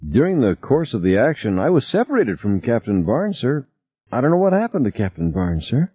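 A man's voice: mid-range voice, very animated, normal speed, slightly rough, dry recording, voice pushed up. A male reader voicing a frightened young female crew member who speaks in a clipped, formal way. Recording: tinny phone-like sound.

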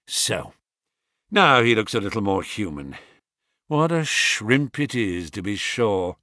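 A man reading the part of a stern, cool-headed male detective in a quiet, commanding manner. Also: fairly low pitch, very animated, slow pace, dry recording, clean studio sound, exaggerated voice. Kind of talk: audiobook character reading.

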